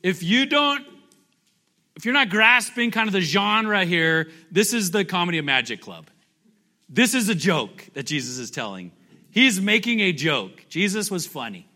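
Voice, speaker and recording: Male pastor, high and bright voice, chatty sermon full of questions to the room. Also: very animated, moderate pace. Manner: conversational, asks the congregation questions; jokey, playfully acts out scripture.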